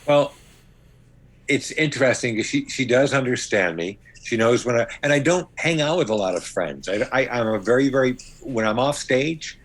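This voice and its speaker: A comedian and magician from Brighton, Rochester, in upstate New York, talks as a podcast guest in a mid-range, animated voice at normal speed. The casual conversation rambles with jokes, playful asides, and many restarts.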